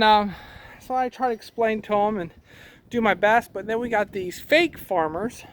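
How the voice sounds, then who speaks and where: High-voiced farmer talking outdoors in wind. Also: male voice, a bit bright. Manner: plain-spoken, rambling, a bit defensive. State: out of breath. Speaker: cattle farmer and channel host. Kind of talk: casual vlog talk to camera. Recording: outdoor recording with clear wind noise.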